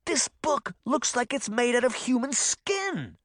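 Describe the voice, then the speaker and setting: A man acts out a mischievous, brash boy, voice jumping high with glee. It is a storybook reading with a dry, close sound. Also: slow, vocal fry, dry recording, heavily acted. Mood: gleeful. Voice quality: excitable.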